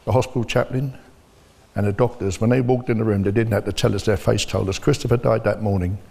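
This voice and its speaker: Man, blunt earnest testimony, husky low voice in a reverberant hall. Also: dark tone. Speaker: bereaved father giving testimony. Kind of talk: personal testimony in conversation. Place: church. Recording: long reverb of a church hall.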